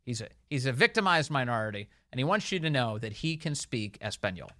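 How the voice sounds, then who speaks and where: A man's voice: medium pitch, sing-song, brisk, pushed and bright, no echo. A man hosting a talk radio show, delivering opinionated commentary in a sarcastic, mocking way and laughing often.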